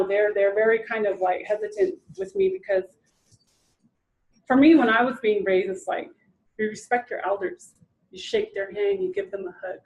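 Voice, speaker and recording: A woman in her thirties presents an informal training lecture, speaking conversationally, restarting sentences, and acting out quotes. Her voice is on the high side with a darkish tone, and the audio is poor.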